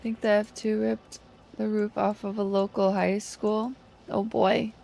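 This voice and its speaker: Slow-talking woman game streamer. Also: mid-range voice, gravelly, faint music behind. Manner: relaxed, chatty, answers chat and hums along while playing. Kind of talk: casual live-stream chat.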